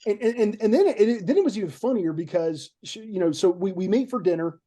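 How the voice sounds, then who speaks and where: A man's voice: sits high, animated, quick pace, dark tone. A man, a film director, telling a story in casual podcast chat, rambling and repeating words as he goes.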